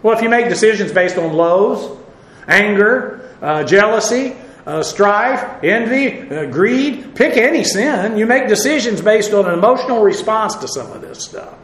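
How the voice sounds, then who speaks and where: A man's voice: sits high, lively intonation, measured pace, a bit bright, reverberant, low-quality recording. A man preaching a sermon in a conversational, folksy way, with many fillers and asides.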